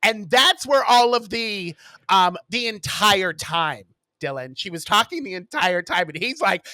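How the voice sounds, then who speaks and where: Male co-host, bright tone, chatty and wry, dry close-miked sound. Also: high voice, lively intonation, measured pace, dry recording. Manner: chatty, frank, wry, swears for emphasis. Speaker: podcast co-host. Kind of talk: casual storytelling chat.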